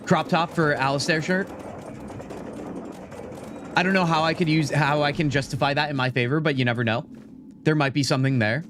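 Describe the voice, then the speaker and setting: A young man giving excitable, chatty live commentary while playing a game, often talking to his chat and saying "dude". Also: a little high, brisk, pauses often, noisy background. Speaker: streamer.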